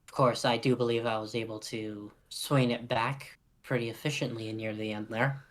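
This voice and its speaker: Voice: medium pitch, fairly even intonation, normal speed, lightly acted. A man voicing an earnest young woman officer. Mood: apologetic.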